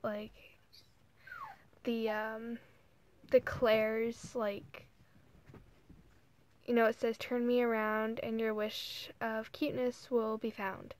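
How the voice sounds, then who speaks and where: A teenage girl vlogging casually, talking softly and hesitantly with many fillers while holding back tears. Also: fairly high pitch, little pitch movement, takes it slowly, pauses often. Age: teens. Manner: soft, hesitant, full of "like" and "you know". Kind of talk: casual emotional vlog.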